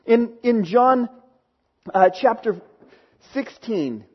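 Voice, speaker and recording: Man preaching, high husky voice, earnest, muffled lo-fi sound. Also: lively intonation, extremely slow. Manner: earnest, with restarts when moved. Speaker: pastor. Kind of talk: sermon. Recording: dull lo-fi recording.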